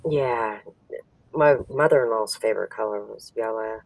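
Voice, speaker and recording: A woman's voice: rumbling low, moderate pace, vocal fry, a little mellow, no echo, distant mic, poor audio. A woman chatting casually on a video call, telling a story with frequent laughter and acting out the other people in it. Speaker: host.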